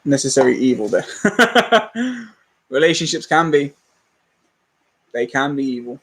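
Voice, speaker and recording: A man's voice: a little high, very animated, unhurried, breathy edge, rough recording. A young man, rambling candidly and self-deprecatingly as a movie channel host in a casual livestream chat.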